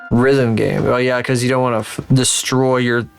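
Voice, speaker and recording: A man's voice: medium pitch, flat delivery, normal speed, vocal fry. A man commentates his own game on a live stream, rambling from thought to thought and swearing easily. His voice sits in an ordinary middle register. Faint music plays underneath. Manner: rambling, swearing, thinking aloud. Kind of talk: casual livestream commentary while playing a geography game.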